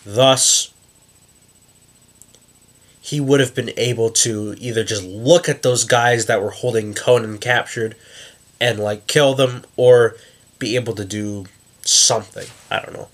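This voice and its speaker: Guy w a stuffy nose rambling about anime theories, mid pitch, casual. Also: fairly even intonation, unhurried, pauses often. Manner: rambling, thinking aloud with restarts. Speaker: YouTube host.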